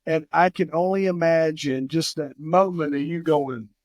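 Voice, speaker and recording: A man hosting a podcast interview, affirming and reflective, pausing to search for words. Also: a little high, no room sound. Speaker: podcast host.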